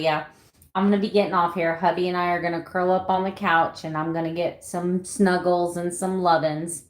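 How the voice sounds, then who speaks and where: A woman in her fifties talks casually to her livestream viewers from home, laughing often and greeting them by name. Her voice sits a little low. The room around her gives a noticeable echo. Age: 50s. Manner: chatty, laughs often, reads out viewer names. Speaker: keto vlogger. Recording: echoey room.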